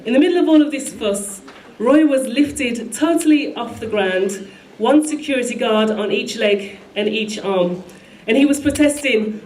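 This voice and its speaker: A woman reading a memorial tribute aloud, measured and solemn. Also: a little high, animated, a little mellow, a little hiss or hum. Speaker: tribute speaker. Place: large hall at a live event. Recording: echoey hall with faint music.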